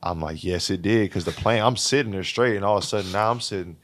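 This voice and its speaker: A man's voice: fairly low pitch, fast talker, a bit bright. A young man, a college basketball player, telling a story in casual podcast chat, repeating words and acting out quotes. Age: young adult.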